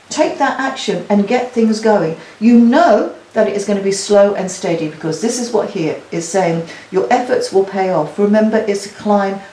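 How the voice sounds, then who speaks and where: Woman tarot reader, warm-hearted chatter to her cards, recorded in an echoey room. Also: medium pitch, a little hiss or hum. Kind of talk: weekly tarot card reading.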